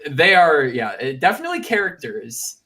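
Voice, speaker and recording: A man's voice: on the high side, huge pitch swings, normal speed, bright, forceful tone, recorded from a distance. A young man co-hosting an esports podcast, chatting and telling stories with casual swearing. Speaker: podcast co-host. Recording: voice sits back from the mic.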